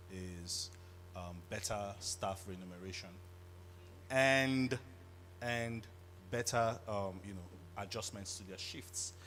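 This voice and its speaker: A man's voice: fairly low pitch, a bit bright, slight background noise. A man speaking from the audience, hesitant and full of fillers. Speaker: audience member. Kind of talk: spontaneous remarks. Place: event hall.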